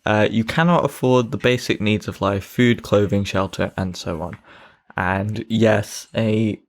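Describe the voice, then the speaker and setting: A man's voice: on the low side, a little slow. Earnest fact-checking podcast man. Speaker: podcast co-host. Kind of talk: casual chat.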